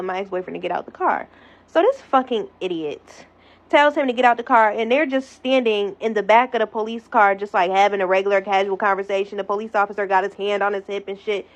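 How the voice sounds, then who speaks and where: A young woman telling a wild storytime in an animated, profane manner, acting out the voices she quotes. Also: mid-range voice. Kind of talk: storytime monologue. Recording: slightly dull lo-fi audio.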